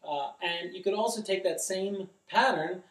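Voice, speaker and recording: A man's voice: sits high, normal speed, heavy background noise. A middle-aged man giving a drum lesson, explaining carefully and chanting rhythm syllables aloud. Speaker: drum instructor. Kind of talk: instructional demonstration. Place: drum studio, indoors. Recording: echoey room, distant mic.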